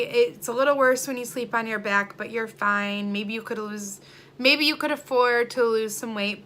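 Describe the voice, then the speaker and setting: A woman's voice: fairly high pitch, bright, forceful tone. A young woman talking candidly to camera in a personal vlog, open and emotional, with a rambling way of telling things. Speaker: vlogger. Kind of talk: confessional vlog talk.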